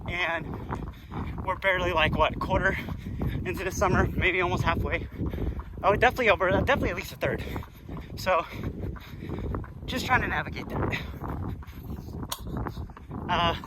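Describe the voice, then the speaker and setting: A man's voice: sits high, normal speed, pauses often, heavy background noise. Breathless young man vlogging mid-run. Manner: rambling, swears freely. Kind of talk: casual vlog talk while running. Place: outdoor hilly public trail.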